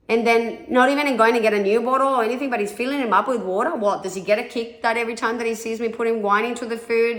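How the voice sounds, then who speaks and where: Woman, thirties, mid pitch, blunt and candid, swears a lot, echoey room; personal confessional storytelling. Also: fairly bright tone. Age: 30s. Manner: frank and blunt, swears freely, acts out quoted voices. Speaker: vlogger telling her story.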